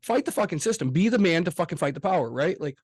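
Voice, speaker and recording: A man co-hosting a casual podcast chat, swearing freely and talking with loud emphasis. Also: fairly high pitch, lively intonation, fast talker, breathy edge, dry recording. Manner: profane, emphatic, gets loud. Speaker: podcast co-host.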